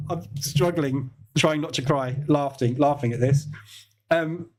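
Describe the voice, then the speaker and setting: A man hosts a live trading stream in a loose, chatty way. His voice sits a touch high for a man, and he often breaks into laughter and disbelief as he reacts. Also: moderate pace, darkish tone. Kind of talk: live market commentary.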